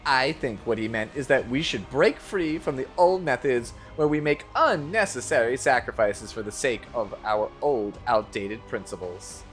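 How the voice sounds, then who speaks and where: A man voicing a calm, principled young knight in a live game dub, reading in a measured, lowered, sincere way. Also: soft background music, natural voice. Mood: earnest. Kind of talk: amateur game voice-over read live on stream.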